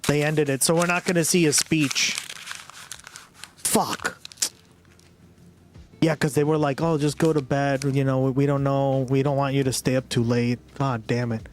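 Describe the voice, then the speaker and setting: A man livestreaming, reacting to results and talking to his chat with lots of swearing. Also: mid-range voice. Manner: profane, drawn-out excited reactions to chat. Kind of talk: live stream reaction commentary.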